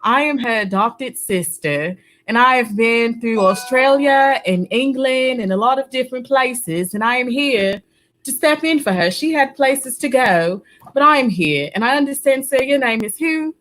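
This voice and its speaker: A woman's voice: a little high, animated, normal speed, a bit bright. A woman putting on a flamboyant stand-in host. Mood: playful. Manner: theatrical, teasing, with an accent that wanders between places. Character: flamboyant globe-trotting female substitute host. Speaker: stand-in host of an online reading night. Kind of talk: playful live-stream hosting banter.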